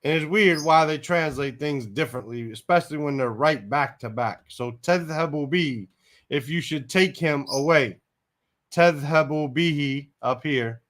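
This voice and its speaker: Male Quran Arabic teacher, slightly high voice, slow and methodical, says each word, then glosses it. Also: a bit bright. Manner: thinks aloud, tentative asides. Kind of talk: word-by-word Quran translation lesson.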